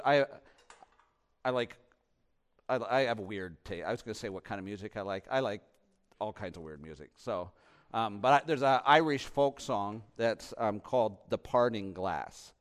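A man preaching a sermon as pastor, impassioned, swinging from hushed and reflective to loud and urgent. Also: on the low side, normal speed, clean tone.

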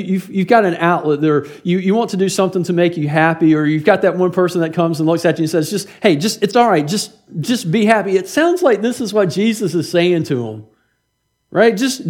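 A man's voice: sits high, darkish tone. A middle-aged man preaching a sermon as pastor, in a conversational way, often repeating words and asking "right?".

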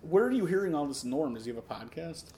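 A man's voice: on the high side, sing-song, fast, mellow, slight background noise. A man co-hosting a casual podcast from his garage, telling stories in a rambling, jokey way. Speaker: podcast co-host. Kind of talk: casual chat. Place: home garage.

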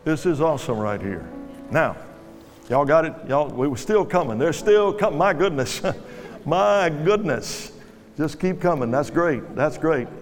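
In a large church hall, a guest preacher with a slightly high voice delivers his sermon in an animated, unhurried way, pressing the crowd with commands he keeps repeating. Music, the congregation and hall reverb fill the live recording.

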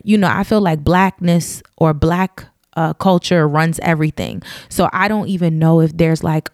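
A woman with a light Southern twang speaks in a lowish, gravelly voice. She chats candidly to her listeners in a loose monologue full of ums and asides, recorded close and dry. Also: darkish tone, dry recording. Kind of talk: casual opinion monologue.

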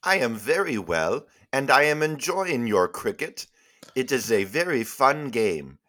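A man's voice: medium pitch, very animated, a little slow, fairly bright tone. A man voicing a polite, naive visitor in a comedy sketch, speaking formally. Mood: genial.

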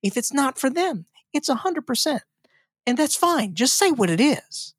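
A movie podcast co-host chatting casually, dropping quick wry remarks. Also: sits high, big pitch swings, dry recording, studio quality. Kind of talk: casual movie review chat.

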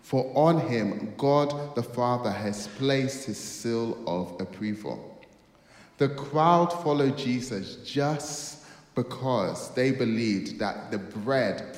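A man's voice: medium pitch, slow. A man preaching a sermon, telling stories and acting out dialogue with dramatic bursts. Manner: storytelling, acts out dialogue, dramatic outbursts. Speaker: pastor. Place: church hall. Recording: echoey hall with long reverb.

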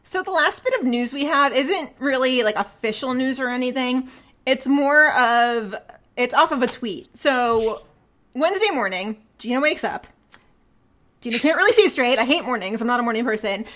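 A woman co-hosting a casual fan podcast, talking excitedly and gushing. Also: high voice. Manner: excitable, gushing, fast asides. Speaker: podcast co-host.

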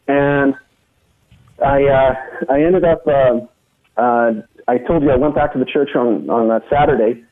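A middle-aged man with a husky, breathy voice tells a personal story, earnest and full of little restarts. His voice comes through narrow and tinny, like it is carried over a phone line. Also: mid-range voice, moderate pace. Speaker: guest. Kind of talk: personal testimony in a conversation.

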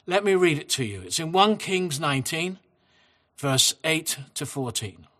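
A man preaching a sermon, reading scripture aloud and talking to his congregation in a gentle, conversational way. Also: fairly high pitch, sing-song, measured pace.

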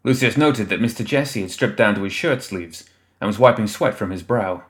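A man with a fairly low voice tells a dark fantasy tale in a steady, measured way. His narration sounds scripted and evenly paced.

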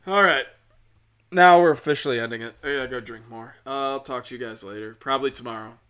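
A man's voice: medium pitch, quick pace, a bit bright, clean tone. A man hosting a podcast, talking in a rambling, profane, sardonic comic monologue. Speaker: podcast host.

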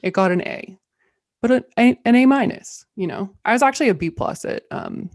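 A woman's voice: fairly high pitch, animated, normal speed, a little mellow, no room sound, studio quality. Chatty woman reviewing shows. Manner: bubbly, many "like" fillers. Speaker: podcast co-host. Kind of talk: casual review chat.

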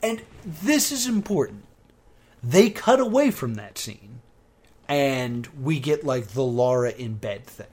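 A man casually recapping a TV episode with a co-host, animated when quoting scenes. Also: medium pitch, slow pace, husky. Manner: animated retelling, bursts into loud quoted exclamations. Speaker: podcast co-host. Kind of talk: casual chat recapping a TV show.

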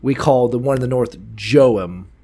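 A man in casual podcast banter about the Bible, profane and joking, slipping into quick voices for characters. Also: medium pitch, crowd noise.

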